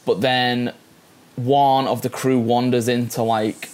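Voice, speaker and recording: A man's voice: medium pitch, little pitch movement, takes it slowly, darkish tone. A man co-hosting a podcast, casually recapping a film, rambling through restarts and fillers as he hunts for words, swearing and laughing as he goes. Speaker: podcast co-host.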